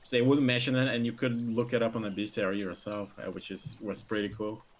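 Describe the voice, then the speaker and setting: A man's voice: lowish voice, flat delivery. A man chatting casually on a stream, teasing and stumbling over his words. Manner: halting, stammers and restarts, teasing. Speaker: co-host. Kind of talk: casual chat.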